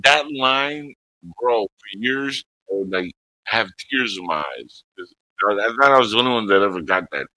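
A man chatting casually on a roundtable, retelling movie scenes in an animated way and swearing freely. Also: fairly low pitch, moderate pace, no room sound, rough recording. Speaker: roundtable panelist. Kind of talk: casual chat.

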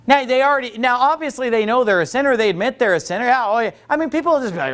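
A man preaching a sermon as pastor, animated, acting out quoted voices and often restarting. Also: extremely high pitch, very fast, hardly any pauses. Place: church.

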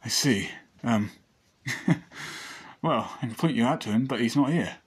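A man's voice: mid-range voice, slightly rough, close to an everyday voice. Man voicing a laid-back blind teenage boy. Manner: rambling, laid-back, self-correcting. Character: blind teenage boy, easygoing, fond of his friend.

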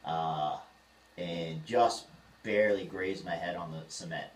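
A man's voice: deep voice, measured pace. A man in his thirties co-hosting a podcast, telling rambling stories and acting out the voices in them. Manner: rambling, animated storyteller acting out quotes. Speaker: podcast co-host. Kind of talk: casual storytelling chat. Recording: echoey room, voice a bit far from the mic, faint ambient noise.

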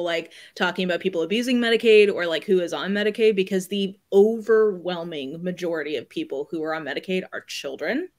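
A woman in a casual online book discussion who speaks wryly and acts out exasperated remarks. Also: fairly low pitch. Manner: wry, mock-quotes people in exasperated asides. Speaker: book club guest.

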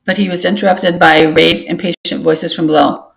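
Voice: mid-range voice, little pitch movement, moderate pace, vocal fry, a bit bright. A book club reader reading a novel aloud steadily, with occasional restarts after slips.

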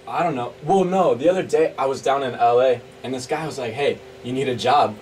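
A man's voice: mid-range voice, fairly quick, darkish tone. A man in his twenties, a college student in a comedy sketch, talking in an offhand, easygoing way. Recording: distant mic with faint ambient noise.

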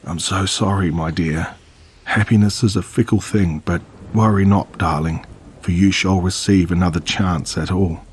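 A man's voice: deep voice, steady tone, moderate pace, slightly rough. A man voicing a sorrowful old fairy godmother. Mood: apologetic. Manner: gentle, apologetic, tearful.

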